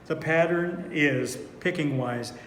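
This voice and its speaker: A man gives a relaxed banjo lesson, talking slowly and in a fairly high voice. He thinks aloud with fillers between phrases. The room is echoey with a long tail of reverb, and a banjo plays under his voice. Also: loud music behind the voice. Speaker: banjo teacher. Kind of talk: relaxed online music lesson. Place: indoor room, playing banjo while talking.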